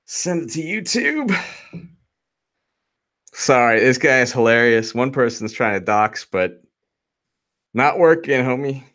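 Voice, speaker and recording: A man in his forties hosting casual political commentary, animated and quick to laugh, reading quotes aloud in a mocking tone. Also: medium pitch. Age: 40s. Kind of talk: casual live-stream commentary.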